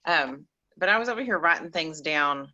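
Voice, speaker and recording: A woman with an East Texas accent talks in a bright, forceful voice, animated and rambling, folksy in her asides. She sits a little low in pitch for a woman, and the call audio comes through dull and lo-fi. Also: moderate pace. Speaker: caller on a call-in show. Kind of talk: casual chat.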